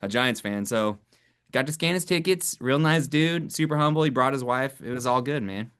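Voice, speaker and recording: A man's voice: mid-range voice, lively intonation, moderate pace, fairly bright tone, clean tone. A man co-hosting a sports podcast, talking in a laid-back, casual way with frequent swearing and laughter. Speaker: podcast co-host.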